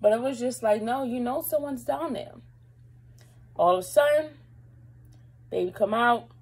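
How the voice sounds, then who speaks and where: A woman's voice: fairly high pitch, moderate pace, darkish tone, breathy edge, low-quality recording. A young woman vlogger telling a personal story to camera in a rambling, casual way, fighting back tears at times. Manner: emotional, holding back tears; rambling, lots of fillers.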